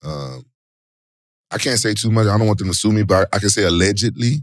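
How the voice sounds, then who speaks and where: A middle-aged man with a fairly low voice talks casually in slangy speech as an interview guest. His storytelling turns animated, with loud exclamations. The sound is dry and close. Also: a little fast, no echo. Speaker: interview guest, former fighter and actor.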